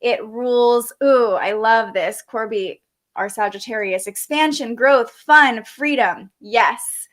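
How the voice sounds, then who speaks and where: A woman's voice: on the high side, slow pace, fairly bright tone. A young adult woman hosting a live astrology forecast, talking in an upbeat, chatty way and reading out viewer comments. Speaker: astrology show host.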